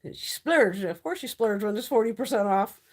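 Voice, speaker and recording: A woman's voice: medium pitch, lively intonation, moderate pace. A middle-aged woman hosting a casual beauty live stream, chatty and blunt, swearing freely and laughing often.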